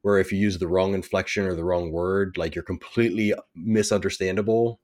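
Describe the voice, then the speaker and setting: A man hosting an interview, asking relaxed questions with fillers. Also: sits low, brisk. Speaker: podcast host.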